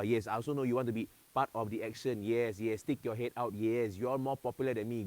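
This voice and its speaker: A man's voice: medium pitch, fast talker, few pauses, a little mellow. A man with a Singaporean accent hosting a live-streamed event, chatty and playful, slipping into local slang. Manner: talking to dogs while presenting. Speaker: event host.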